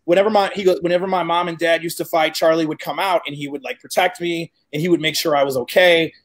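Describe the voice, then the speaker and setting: A man in his forties from Chicago, a guest telling a story in casual, animated chat, cursing freely and acting out what people said. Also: fairly high pitch, fast talker. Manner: animated, profane, acts out quoted dialogue.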